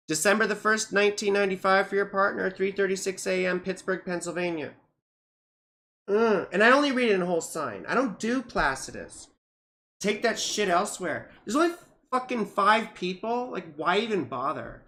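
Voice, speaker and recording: A woman astrologer chatting casually on a livestream, rambling with many fillers and grumbling at her software. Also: mid-range voice, lively intonation, normal speed. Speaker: astrologer reading charts on a livestream.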